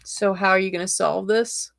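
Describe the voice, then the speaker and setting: A woman reads tarot cards on a live stream and speaks straight to each viewer in a chatty, urging way. Her voice has a gravelly edge and sits at an ordinary middle pitch. A tickle in her throat catches now and then. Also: steady tone, normal speed, fairly bright tone, slight background noise. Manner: chatty, direct and encouraging, with many fillers.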